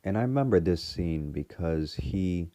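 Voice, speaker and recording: A man's voice: deep voice, animated, a little slow, warm tone, no room sound, studio quality. A man casually recapping a TV episode in a rambling way, full of fillers and restarts. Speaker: fan reviewer retelling a TV episode.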